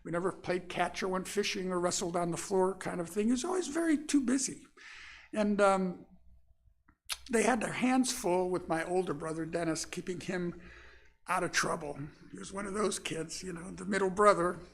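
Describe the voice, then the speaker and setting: An older man from Florida, a minister, tells personal stories in a sermon given in a church sanctuary. His voice is high-pitched, and his relaxed, folksy delivery includes frequent pauses with fillers.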